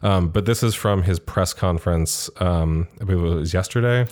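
A man's voice: sits low, normal speed, darkish tone. A man co-hosting a political podcast, rambling with lots of fillers and swearing. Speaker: podcast co-host. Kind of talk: casual political chat.

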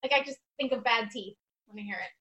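A woman's voice: a little high, fast, sharp tone, muffled recording. An American woman in a casual chat, blunt about her dislikes and filling every sentence with "like". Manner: says "like" constantly, blunt opinions.

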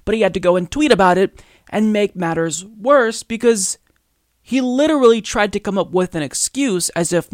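High-voiced man ranting on a podcast. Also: animated, moderate pace, no echo, clean studio sound. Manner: exasperated ranting, rhetorical questions, swearing. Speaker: podcast host. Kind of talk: political commentary podcast.

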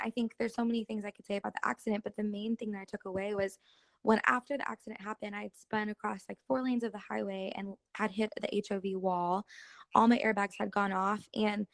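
A young woman chatting on her podcast, earnest and quick to fill pauses with "like". Her voice has a slight gravelly fry. The sound is dry and close, with no room around it. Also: medium pitch, a bit bright, dry recording. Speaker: podcast co-host. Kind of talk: casual faith podcast chat.

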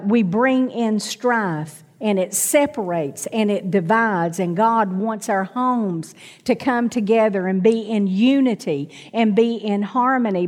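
Middle-aged woman preacher, slightly high voice, slow and deliberate, calls on the congregation, church reverb. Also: a little mellow. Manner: calls out to the congregation, asks for amens. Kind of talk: sermon.

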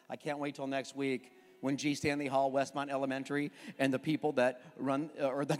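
A man preaching a sermon and praying, a fervent pastor who builds to impassioned emphasis. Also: fairly high pitch. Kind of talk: sermon and closing prayer. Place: church sanctuary. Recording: long church reverb with faint music.

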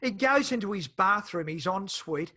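A man's voice: high voice, animated, moderate pace, sharp tone. An older man co-hosting a podcast, chatting casually and rambling about a film. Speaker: podcast co-host.

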